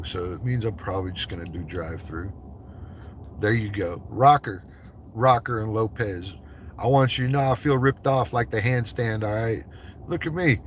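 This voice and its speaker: A man's voice: lowish voice, slight background noise. Man doing a loose, profane livestream chat. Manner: loose, profane, joking banter. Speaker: livestreamer chatting with viewers.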